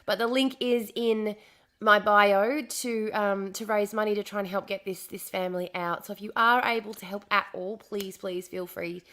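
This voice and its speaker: An Australian woman chatting casually on a live stream, slightly hoarse from a lost voice, repeating herself as she greets viewers. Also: mid-range voice, fairly even intonation, moderate pace, a bit bright.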